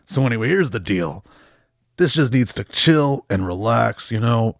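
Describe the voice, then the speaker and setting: A man playing a cranky subconscious: deep, gravelly, blunt, with a dry close sound. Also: animated, dry recording. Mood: laid-back. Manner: laid-back, then quick to anger. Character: gravelly, irritable male subconscious.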